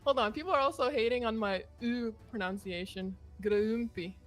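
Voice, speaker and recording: Woman from Canada, raised pitch, animated, laughing often, faint music behind. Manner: animated storyteller, quick laughs. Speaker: esports caster. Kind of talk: casual stream chat.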